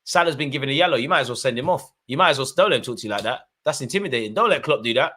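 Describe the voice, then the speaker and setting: A young man giving excitable live commentary on a football match, shouting at players and the referee. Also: medium pitch, racing. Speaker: football fan channel host.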